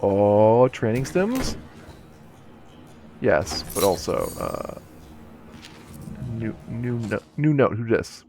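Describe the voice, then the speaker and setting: A man's voice: on the low side, huge pitch swings, takes it slowly, vocal fry, long pauses, darkish tone. A man streaming a video game live, commenting playfully and joking back at the characters. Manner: playful, jokey, talks to the game.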